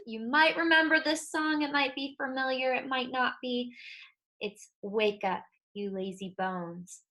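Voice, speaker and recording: Bright-voiced woman music teacher. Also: sits high. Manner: cheerful, clear, sings song lines and leads movements. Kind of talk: online music lesson for children. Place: room with a piano. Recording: roomy echo, voice somewhat off-mic, piano.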